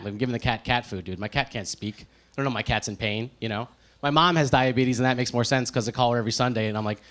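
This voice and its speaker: A man in his thirties from New Jersey doing a nervous stand-up set on a comedy club stage, halting and full of fillers. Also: medium pitch, a bit bright. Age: 30s.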